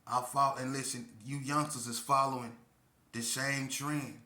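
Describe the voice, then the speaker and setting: A man's voice: mid-range voice, flat delivery, moderate pace, sharp tone. A middle-aged man telling a story from his past in a casual, emphatic, streetwise monologue that turns preachy. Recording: echoey room.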